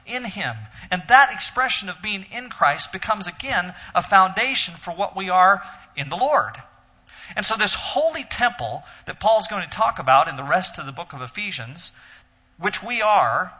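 A man's voice: high voice, bright, forceful tone, slightly rough. A man giving an earnest teaching sermon, explaining a Bible passage step by step to a congregation in a church hall. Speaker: teacher leading a Bible study. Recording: dull sound in a reverberant hall.

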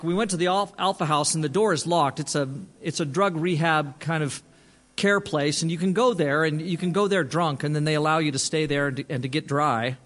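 A pastor recounts a story from the pulpit in a loose, conversational manner, often circling back to restart his sentences. His voice sits high for a man and rings bright and clear. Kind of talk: sermon storytelling.

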